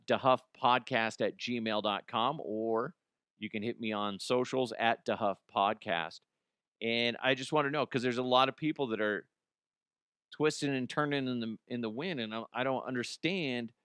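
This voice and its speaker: A man's voice: medium pitch, fairly bright tone, no room sound, studio quality. A man hosting a solo sports podcast, ranting bluntly with swearing, often restarting and repeating words. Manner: blunt, opinionated, swears freely. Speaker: podcast host.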